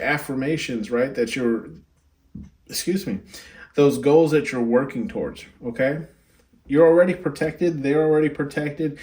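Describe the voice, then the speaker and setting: A man in his younger years talks through a card reading in an easygoing, rambling way. His voice sits at an ordinary middle pitch. He keeps tagging his sentences with "right?" and "okay?" as he goes. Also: darkish tone. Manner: chatty, frequent "right?" and "okay?" check-ins. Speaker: tarot card reader. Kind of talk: casual spoken card reading.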